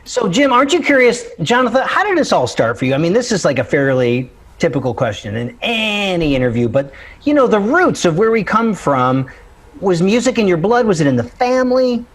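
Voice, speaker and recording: A man's voice: sits high, very animated, a little fast. A man hosting a podcast interview in a jokey, upbeat way. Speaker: podcast host. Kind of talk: casual interview chat.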